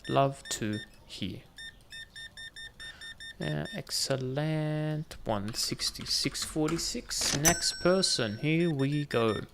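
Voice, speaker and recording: A young man gives casual gameplay commentary, teasing the customers as he rings them up. His voice has a gravelly, rough texture. A faint hiss sits under the recording. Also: fairly high pitch, extremely slow. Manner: chatty, joking with in-game customers. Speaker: gaming video host.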